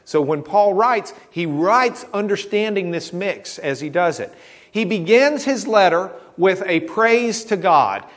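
A pastor preaches a sermon that works like a teaching Bible study, explaining in a conversational way while checking in with the congregation through frequent "okay?" prompts and restarts. His voice is high-pitched, animated, and fairly bright, at a measured pace.

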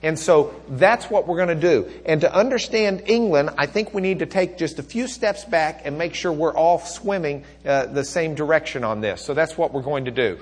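A man's voice: fairly high pitch, moderate pace, few pauses, husky. A man teaching a church history class, folksy and joking, with plenty of fillers and asides. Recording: recorded on tape in class.

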